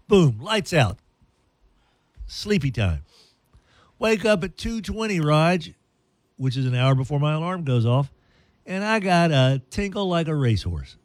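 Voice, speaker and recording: A male radio host spinning a story with a lively, up-and-down voice that climbs fairly high. His delivery is playful and animated, full of goofy asides. The sound is close and dry, with no room around it. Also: measured pace, long pauses, no room sound.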